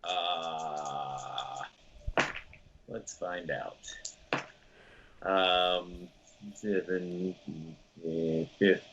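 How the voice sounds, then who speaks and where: A man's voice: sits low, flat delivery, very slow, long pauses, highs cut off, noisy background. A man playing a tabletop game, hesitant and full of ums and uhs. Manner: hesitant, lots of um and uh. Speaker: player.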